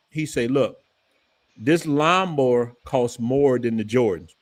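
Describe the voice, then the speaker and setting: A man tells stories in a relaxed chat. His voice is clear and dry, with no room sound. He gets animated and jumps up in pitch when he quotes someone. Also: normal speed, no echo. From New Orleans, Louisiana. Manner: animated storytelling, voice rising when quoting his father. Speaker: channel host. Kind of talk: casual storytelling chat.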